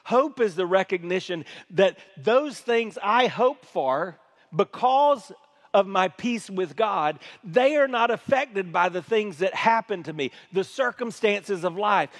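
A male pastor delivers an animated sermon, moving between quiet, intimate passages and loud, excited ones. His voice sits high and his pace is measured.

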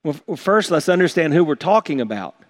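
A man's voice: a little high, big pitch swings, a little fast. A man preaching a sermon to his congregation, earnest and emphatic, often repeating and restarting words. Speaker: pastor.

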